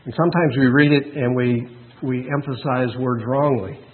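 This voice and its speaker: A man's voice: mid-range voice, fairly even intonation, normal speed. Earnest preacher man, tinny narrow sound. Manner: earnest, preaching with rising emphasis and asides to the congregation. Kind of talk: sermon.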